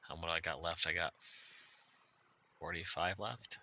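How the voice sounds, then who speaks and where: A man's voice: low-pitched, steady tone, measured pace, pushed and bright, dull audio. A man playing a tabletop game, joking and thinking aloud over his moves. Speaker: player. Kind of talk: casual tabletop play.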